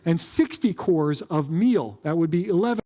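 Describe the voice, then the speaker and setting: A man preaching in a church, his voice sitting a little high and trailing off into a long reverb. He talks casually, tossing in jokes and quick asides as pastor. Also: lively intonation, warm tone. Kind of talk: conversational sermon. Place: church sanctuary.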